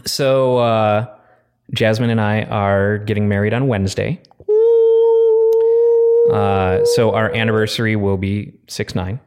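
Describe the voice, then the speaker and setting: Low-voiced young man telling rambling stories. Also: fairly even intonation, measured pace, long pauses, heavy background noise. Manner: rambling, filler-heavy storytelling. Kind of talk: casual chat.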